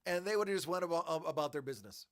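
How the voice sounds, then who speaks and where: A man hosting a collectibles channel, telling a story in a joking, animated way and acting out the voices. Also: on the high side, racing. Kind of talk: casual storytelling.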